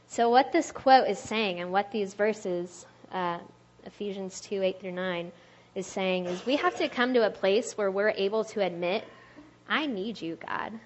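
A woman giving a casual, conversational sermon to a youth group, chatty and quick to laugh, with lots of "like" in her speech. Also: mid-range voice, a little hiss or hum. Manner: chatty, laughs often, uses "like" a lot. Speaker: speaker at a church youth talk.

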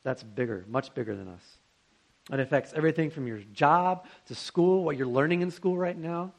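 A man's voice: a little high, normal speed, vocal fry. Earnest young man preaching to students. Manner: conversational, earnest, with laughs and rhetorical questions. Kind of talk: sermon to students.

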